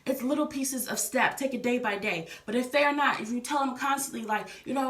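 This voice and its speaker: A woman's voice: high voice, moderate pace, few pauses, a bit bright. A young woman giving earnest relationship advice in a casual vlog, repeating herself and addressing the viewer directly. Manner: earnest, repetitive, talks straight to the viewer as "baby". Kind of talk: casual heartfelt advice talk. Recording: echoey room, from a distance.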